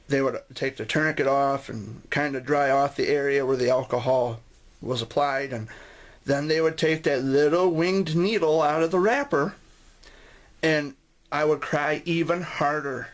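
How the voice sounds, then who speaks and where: A man tells a personal story in a loose, conversational vlog style. His voice sits a little on the high side. He rambles and restarts sentences as he recalls the details. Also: fairly even intonation, measured pace. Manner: rambling, with frequent restarts and asides. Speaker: vlogger sharing a memory.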